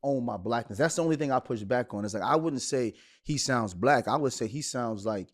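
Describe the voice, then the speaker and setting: Brooklyn-raised man, podcast co-host, mid-pitched, animated, emphatic pushback. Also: fairly quick. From Brooklyn, New York. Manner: animated, pushes back emphatically. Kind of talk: casual group discussion.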